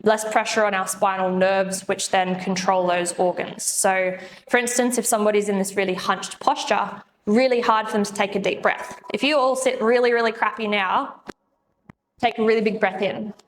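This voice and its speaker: A woman's voice: mid-range voice, fairly even intonation, moderate pace. A woman chiropractor giving an upbeat, chatty live presentation with slides to an audience, laughing often. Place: room with an audience. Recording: echoey room, faint background noise.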